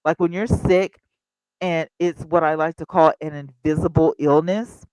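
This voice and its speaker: A woman in her fifties hosting a casual livestream, chatty and animated, talking straight to her viewers. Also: deep voice, measured pace, no echo, poor audio. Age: 50s. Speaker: livestream host.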